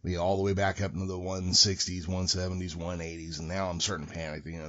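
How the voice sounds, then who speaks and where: A man's voice: low voice, fast. A middle-aged man telling a story in casual chat, swearing freely and acting out the voices of others. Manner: profane, animated, acts out voices. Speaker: podcast guest storyteller. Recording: dull lo-fi recording.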